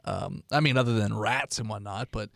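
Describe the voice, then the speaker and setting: A man's voice: on the low side, normal speed, creaky, a bit bright, dry recording, studio quality. A man running an improv tabletop game as game master, narrating in a laid-back way with lots of fillers.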